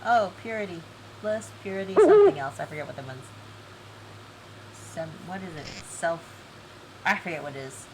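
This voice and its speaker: A woman's voice: low voice, wildly swooping pitch, moderate pace, long pauses, noisy background. A woman live-streaming an online game event, chatty and giggly, reading game text aloud.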